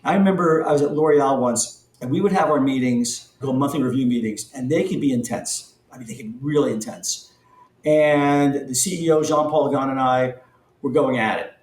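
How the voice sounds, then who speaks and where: A middle-aged man telling stories as a podcast guest, animated, his voice jumping up in excited bursts. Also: mid-range voice, moderate pace. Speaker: podcast guest, company founder. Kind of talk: storytelling in an interview. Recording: echoey room, distant from the mic.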